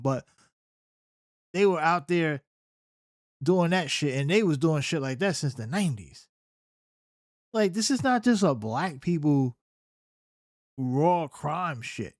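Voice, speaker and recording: A man's voice: fairly high pitch, no echo, studio quality. A young man hosting an unscripted reaction show, ranting in a heated, incredulous and profane way. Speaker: commentary show host.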